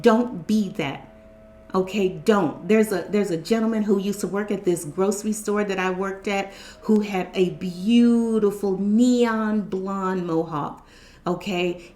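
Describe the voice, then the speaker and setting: A woman's voice: medium pitch, a little mellow. Emphatic woman in her fifties, echoey room. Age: 50s. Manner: repetitive, emphatic, exhorting. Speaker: spiritual channel host. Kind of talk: casual motivational talk to viewers.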